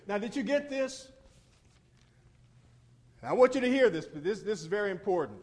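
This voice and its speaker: A man preaching a sermon, retelling scripture with vivid, animated storytelling and frequent repetition. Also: sits high, normal speed, pauses often.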